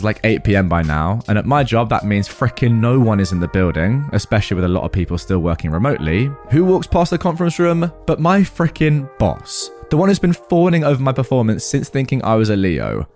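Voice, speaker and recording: A man narrates an online post in a conversational, storytelling manner, his pitch swinging widely as he reads. He drops in wry asides of his own between passages. Faint music plays quietly under his voice. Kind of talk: reading a forum post aloud with commentary.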